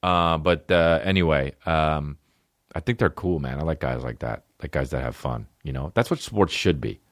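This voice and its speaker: A man hosting a comedy podcast, riffing alone in a profane, rambling, animated way. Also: a bass voice, moderate pace, no echo, clean studio sound.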